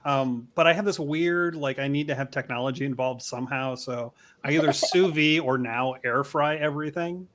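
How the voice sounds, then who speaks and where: A man's voice: mid-range voice, normal speed, hardly any pauses, fairly bright tone. A man chatting as a guest on a live stream, hesitant at first with dry humor. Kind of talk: casual chat on a live stream.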